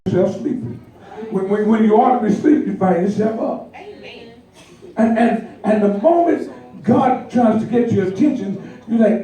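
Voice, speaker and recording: High-voiced preacher in an echoey hall. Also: male voice, moderate pace. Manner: animated, laughing, acts out voices. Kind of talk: sermon. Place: church. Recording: echoey church hall, distant mic. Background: congregation responding.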